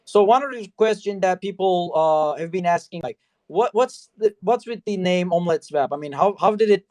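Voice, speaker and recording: A man hosting a relaxed talk show, his voice sitting a little higher than most men's. He rambles easily from thought to thought, padding every sentence with casual fillers. The sound is close and dry, with no room around it. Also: normal speed, no echo. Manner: loose and chatty, leaning heavily on "you know" and "I mean". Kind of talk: casual interview chat.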